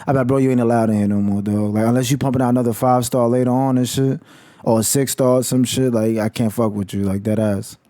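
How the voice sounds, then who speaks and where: A man's voice: mid-range voice, level tone, fast, mellow, no room sound. A man vlogging about college football in a heated, slangy rant full of swearing. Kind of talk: casual profane rant.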